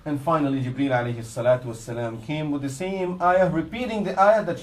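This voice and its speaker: Earnest preacher man, fairly high voice. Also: brisk, roomy sound, low-quality recording. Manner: earnest, quietly dropping his voice for the sad parts of the story; mixes Arabic religious phrases into his English. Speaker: Islamic preacher. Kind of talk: sermon storytelling.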